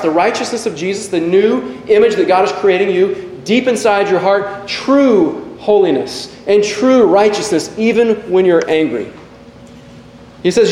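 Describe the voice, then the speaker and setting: High-voiced man preaching in an echoey church hall. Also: normal speed, a little mellow, a little hiss or hum. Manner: earnest, self-deprecating storytelling. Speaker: pastor. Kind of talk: sermon. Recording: echoey hall with long reverb.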